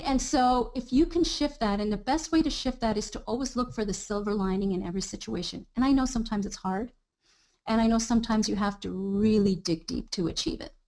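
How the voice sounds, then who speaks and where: A woman giving a live training on mindset, talking casually and acting out people's inner thoughts. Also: medium pitch. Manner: animated, acts out inner thoughts in quoted asides. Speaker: coach. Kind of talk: live online training talk.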